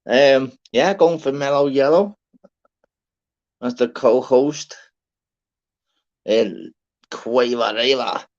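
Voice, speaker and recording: A man hosting a live stream, giving rambling, swear-filled shout-outs to listeners in a casual chat. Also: medium pitch, slow, pauses often. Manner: chatty, swears freely, rambling. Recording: dull lo-fi sound.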